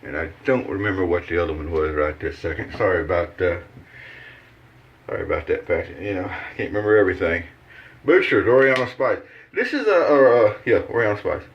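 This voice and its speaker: A man's voice: deep voice, lively intonation, a little fast, muffled recording. A man hosting a shaving video, chatting casually in a folksy, rambling way with lots of fillers as he shaves at his bathroom sink. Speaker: shaving channel host. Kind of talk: casual how-to chat while shaving.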